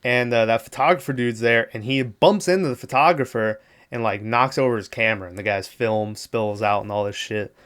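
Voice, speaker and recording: A man's voice: mid-range voice, a little fast, few pauses, fairly bright tone, smooth. A man hosting a podcast, casually recapping a movie on his own, swearing freely and laughing often. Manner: loose, profane, laughs often, lots of fillers. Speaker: podcast host.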